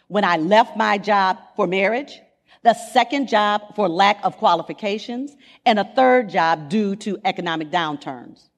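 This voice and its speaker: Woman telling a testimony in an echoey church. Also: mid-range voice. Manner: animated storytelling with dramatic pauses. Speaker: guest speaker at church. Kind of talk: sermon testimony. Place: church sanctuary.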